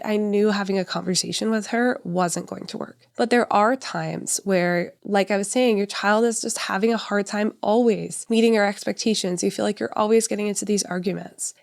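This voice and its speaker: Gravelly-voiced woman hosting a parenting podcast. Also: medium pitch. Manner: conversational and reflective, often tags "right?". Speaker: podcast host, parenting educator. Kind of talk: solo podcast talk.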